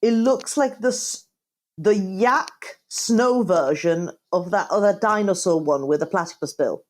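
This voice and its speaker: A woman's voice: mid-range voice, animated, measured pace. A woman co-hosting a casual podcast chat, thinking aloud with hesitant, self-correcting phrasing. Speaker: podcast co-host.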